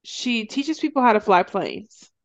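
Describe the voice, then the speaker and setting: A woman co-hosting a podcast, casually recapping a TV show and acting out the characters' lines in quick, animated storytelling. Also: a little high. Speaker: podcast co-host.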